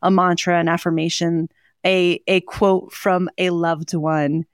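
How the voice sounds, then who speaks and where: A woman's voice: lowish voice, little pitch movement, a little slow, clean tone, dry recording, clean studio sound. A woman co-hosting a podcast, talking earnestly about hope with plenty of ums and you-knows. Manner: warm, earnest, with frequent fillers. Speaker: podcast co-host. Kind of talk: casual chat on hope and mental health.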